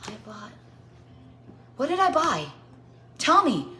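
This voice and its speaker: A woman in her forties runs a casual baking livestream from her home kitchen, chatting playfully and stumbling over tongue twisters and jingles. Her voice is high, pushed and bright, very animated, and she takes things slowly.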